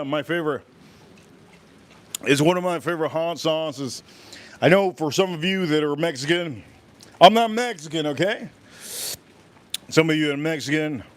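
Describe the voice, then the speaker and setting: A man hosting a casual livestream, chatting and reacting out loud while he eats. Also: on the high side. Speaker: livestream host. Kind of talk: casual livestream food tasting.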